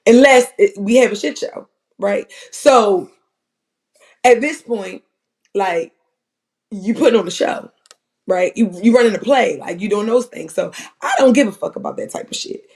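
Brief: gravelly-voiced streamer, profane and rambling, animated storyteller, mid pitch. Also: moderate pace. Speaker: livestream commentator. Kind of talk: casual profane commentary.

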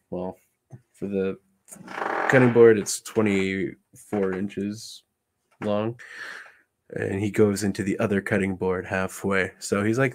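A man chatting casually on a live stream, thinking aloud with restarts and greeting viewers while showing a puppet build. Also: low voice.

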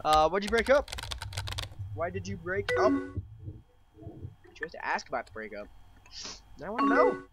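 A man's voice: high-pitched, wildly swooping pitch, moderate pace, pauses often, loud music behind the voice. A young man giving playful, swearing gameplay commentary, reading chat lines aloud and reacting with mock drama. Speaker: let's play gamer. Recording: loud keyboard typing behind voice.

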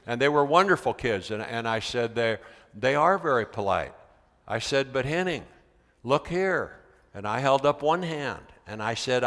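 A man from the United States, a veteran teacher giving a conference talk, telling a classroom story and acting out the dialogue. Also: medium pitch. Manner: animated storyteller, acts out quoted dialogue. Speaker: keynote speaker, veteran teacher. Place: large convention center hall. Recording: long reverb of a large hall.

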